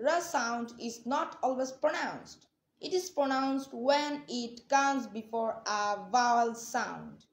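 Female teacher, slightly high, very slow and deliberate, repeats words, roomy sound. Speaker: language teacher. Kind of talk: pronunciation lesson. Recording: echoey room.

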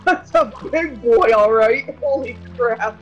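A woman's voice: a little high, slow, highs cut off. A woman co-commentating a game stream, playful and giggly, teasing her partner. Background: game music.

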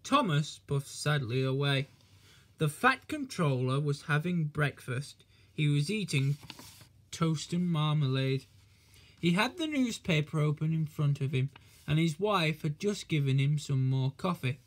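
A man reading a children's storybook aloud in a gentle, measured way. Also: fairly high pitch, expressive.

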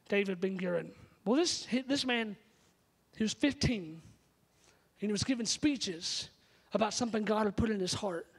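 Male pastor with a high voice, emphatic storytelling sermon in a church sanctuary.

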